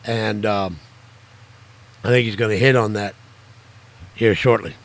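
An older man preaching and telling stories from his ministry, emphatic, his voice jumping higher on stressed words. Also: steady tone, unhurried. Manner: emphatic storytelling, voice jumps high for stress. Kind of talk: informal sermon-style teaching.

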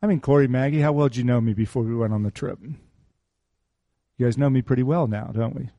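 A man's voice: mid-range voice, fairly quick, mellow, no room sound, dull audio. A middle-aged man preaching a sermon in a conversational, teasing way, repeating his key phrases. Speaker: pastor.

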